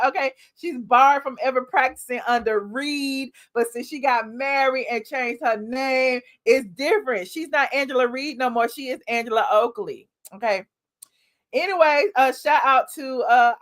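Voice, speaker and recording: A woman's voice: high-pitched, fairly bright tone. Sassy woman gossip host. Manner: sassy, says "child" often. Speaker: show host. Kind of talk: casual gossip chat.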